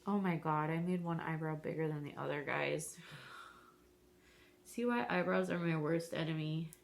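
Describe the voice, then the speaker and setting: Slow, low-voiced woman chatting casually. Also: vocal fry. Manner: rambling, self-deprecating, talks to viewers as guys. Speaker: vlogger doing makeup. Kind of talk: casual chat while doing makeup.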